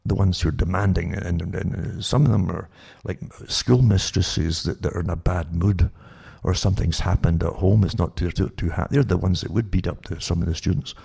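A talk show host with a low, heavily gravelly voice holds forth, rambling, doubling back and repeating words. His dark, husky tone stays steady, and he talks at a normal speed with hardly any pauses.

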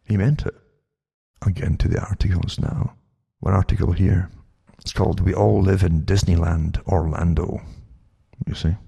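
A low, heavily gravelly man holding forth on his talk show. He rambles, doubles back and repeats words as he goes. His tone is dark and husky. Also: fairly even intonation, normal speed. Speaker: show host.

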